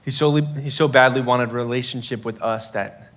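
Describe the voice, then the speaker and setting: A youth pastor preaches a casual, conversational sermon to students, full of fillers and acted-out quotes. His mid-range voice is a bit bright, with fairly even intonation and normal speed.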